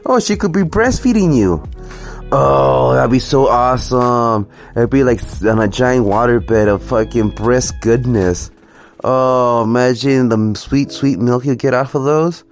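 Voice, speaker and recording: A man's voice: mid-range voice, measured pace, soft background music. A man ranting sarcastically and profanely through a reaction commentary video. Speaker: commentary vlogger.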